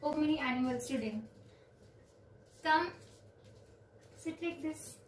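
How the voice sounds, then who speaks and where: A woman, teaching children yoga on a video call with slow, clear instructions and counting. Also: high voice, a little hiss or hum. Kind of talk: online yoga class for children. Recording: roomy, distant from the mic.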